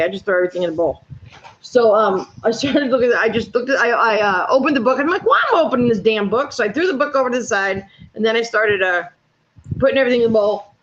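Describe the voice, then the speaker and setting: Heard through dull, lo-fi audio with slight background noise, this fifties-aged woman speaks on a panel in a casual chat. Her slightly high, somewhat bright voice carries blunt, profanity-laced stories.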